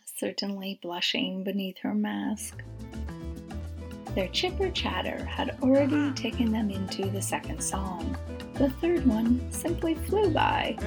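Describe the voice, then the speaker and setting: A woman narrating a story in a soft, breathy, half-whispered voice. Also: medium pitch.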